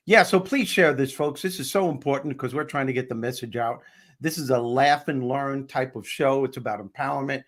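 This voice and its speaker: A man hosting a live comedic talk show, upbeat and bantering with his co-hosts and viewers. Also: mid-range voice. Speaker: host. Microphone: headset.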